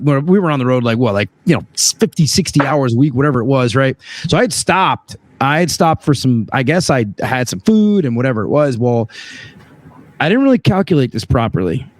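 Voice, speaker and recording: Animated storytelling man, lively pitch. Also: no room sound. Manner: animated, acts out voices with big pitch jumps. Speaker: HVAC sales rep telling a story. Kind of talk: casual podcast storytelling.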